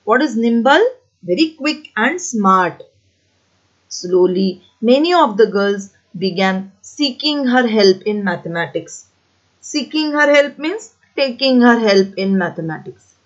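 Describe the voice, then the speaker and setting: A woman teacher with an Indian English accent reading a story lesson aloud and explaining each new word slowly and deliberately. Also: fairly high pitch, lively intonation. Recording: dull lo-fi recording.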